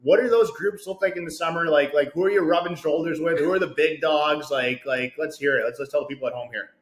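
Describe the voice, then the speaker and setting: A man's voice: on the high side, fast talker, reverberant, low-quality recording. A man hosting a podcast, rambling and hyped, repeating himself as he chats casually. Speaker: podcast host. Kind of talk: casual chat.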